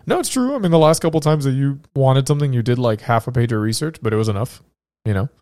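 A man's voice: mid-range voice, animated, quick pace, darkish tone, no echo, studio quality. A man who is sick, hosting a casual podcast and reading out research in a joking, rambling way that often breaks off mid-thought. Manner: joking, rambling, self-interrupting. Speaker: podcast host.

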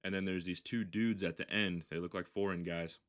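A man's voice: deep voice, steady tone, a little fast, a bit bright. A man hosting a podcast, telling a long story in casual chat, rambling and swearing, with frequent restarts. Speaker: podcast host.

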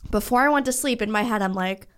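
A woman's voice: on the high side, fast talker, fairly bright tone, clean tone. A woman co-hosting a podcast, chatting casually and telling a rambling story full of swearing and restarts. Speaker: podcast co-host. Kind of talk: casual chat.

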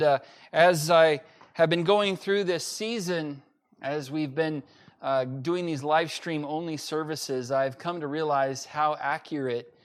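A pastor preaching an emphatic sermon to a livestream audience, repeating key phrases with frequent fillers. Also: male voice, on the high side. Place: church during livestream-only service.

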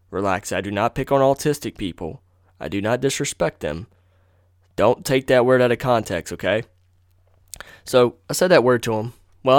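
A man's voice: mid-range voice, clear, resonant tone, no room sound, clean studio sound. A young man hosting a podcast, telling a story in a rambling, profane, casual way and correcting himself as he goes. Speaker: podcast host.

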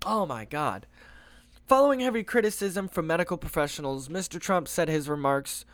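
A young man rants over news items, swearing freely and sounding exasperated. His pitch swings widely as he reacts, and he breaks into laughter often. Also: lively intonation, moderate pace, a bit bright. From United States. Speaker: vlogger. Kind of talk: ranting news commentary.

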